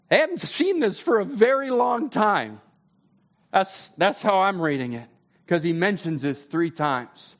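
A man preaching a sermon in a conversational way, his voice climbing when he gets excited. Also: sits high. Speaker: pastor.

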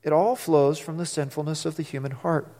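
Man, pastor, preaching a sermon, higher voice, long hall reverb, animated. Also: a little fast. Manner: animated preaching, acts out quotes, asks the congregation questions.

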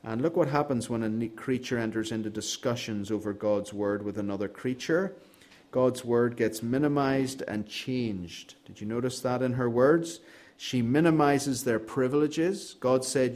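A man's voice: mid-range voice, moderate pace, darkish tone. A man preaching an expository sermon, earnest and emphatic, with a dry sense of humor.

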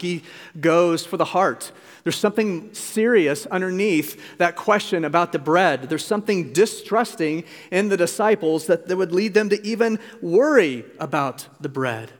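A man preaching a sermon as pastor, earnest and pleading, with emphatic urgency. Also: sits high. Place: church sanctuary. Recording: long reverb of a church hall.

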